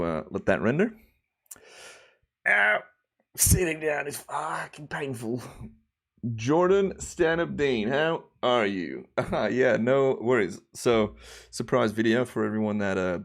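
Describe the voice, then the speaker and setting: Male streamer, young, easygoing rambling chat, lowish voice. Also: vocal fry. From Australia. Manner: relaxed, rambling, chatty with viewers. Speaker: livestream host. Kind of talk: casual livestream chat.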